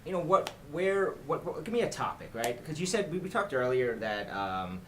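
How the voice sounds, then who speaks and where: A man from New Jersey hosting a casual dating advice chat, talking in a quick, rambling way with many restarts. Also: fairly high pitch, very animated, a little hiss or hum. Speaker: dating coach host.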